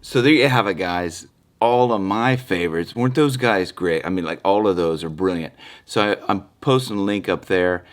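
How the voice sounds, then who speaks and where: A man, a vocal coach hosting his channel, thanking viewers in a casual outro. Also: low-pitched. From Ohio, USA. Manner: friendly, thanks viewers directly.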